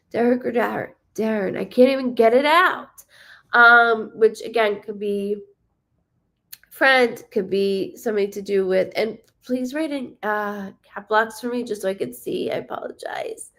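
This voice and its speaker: A woman's voice: on the high side, a little slow, creaky. Chatty woman hosting a live psychic reading. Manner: chatty, rambling, animated, many fillers. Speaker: psychic medium host. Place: warm room with a window open.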